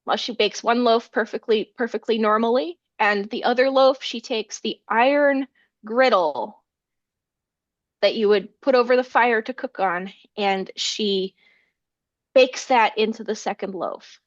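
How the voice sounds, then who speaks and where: A woman scholar retells an old folk tale with animation, slipping into the characters' lines as she goes. Her voice sits a little high. The video call audio is dry and slightly dull. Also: measured pace, no echo. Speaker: folklore scholar, interview guest. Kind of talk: storytelling in an interview.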